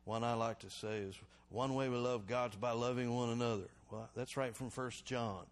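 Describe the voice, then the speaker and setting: Pastor guy preaching, gets loud then drops way down quiet, keeps asking for amens. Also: medium pitch, moderate pace. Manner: animated preaching, calls for congregation response; swings between loud exhortation and quiet reflection. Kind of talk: sermon.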